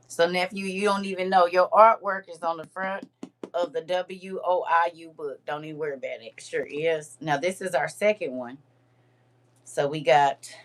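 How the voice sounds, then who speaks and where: Chatty woman with a lowish voice. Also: slight background noise. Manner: chatty and expressive, addresses viewers as girl and honey. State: puffy-eyed from crying. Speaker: livestream host. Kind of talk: casual chat to a live audience.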